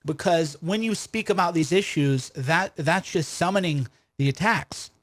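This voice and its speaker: A man's voice: a little high, a little slow, fairly bright tone. A man hosting a livestream commentary, combative and full of rhetorical questions and restarts. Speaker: commentator and host of his own stream.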